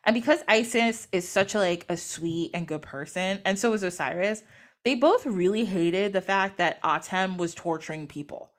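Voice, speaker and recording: A woman's voice: mid-range voice, moderate pace. A woman host telling an old myth in a chatty, casual way, full of fillers and little laughs. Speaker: podcast host.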